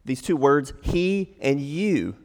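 A man's voice: fairly high pitch, sing-song, takes it slowly, darkish tone. A man preaching a sermon, acting out quoted lines in a raised voice. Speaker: pastor. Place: church sanctuary. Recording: long hall reverb.

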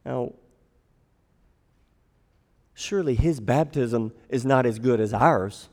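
A man's voice: mid-range voice, takes it slowly. A man preaching a sermon, acting out quoted lines in a raised voice. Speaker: pastor. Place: church sanctuary. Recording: long hall reverb.

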